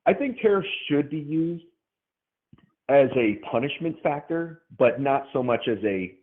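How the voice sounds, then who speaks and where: A man's voice: medium pitch, lively intonation, moderate pace. A man calling into a casual debate, hesitant and restarting his sentences often. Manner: hesitant, restarts and repeats words. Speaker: caller in a debate. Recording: tinny phone line.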